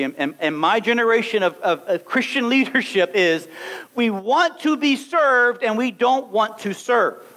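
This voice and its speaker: Lively high-voiced male preacher. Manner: animated, acts out little scenes and voices. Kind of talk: sermon.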